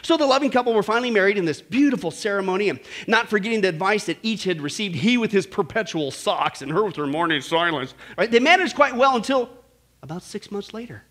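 A man's voice: high-pitched, lively intonation, fast, a bit bright. A man preaching a sermon, telling a story with lots of "listen" and "right?" asides. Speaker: pastor.

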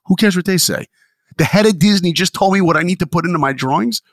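A man who is a podcast guest, telling motivational stories in an animated and enthusiastic way. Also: high voice, quick pace, no room sound, clean studio sound. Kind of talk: motivational storytelling.

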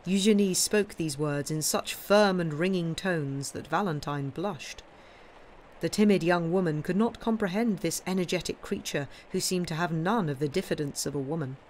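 A woman reading a classic novel aloud on a livestream in a measured storytelling manner. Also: low voice, a little mellow, a little hiss or hum. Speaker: audiobook reader.

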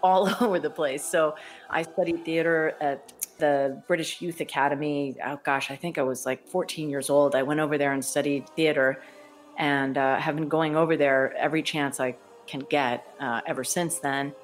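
A woman's voice: low voice, steady tone, normal speed. A woman voice actor chatting enthusiastically as a podcast guest, laughing often. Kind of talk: casual podcast interview.

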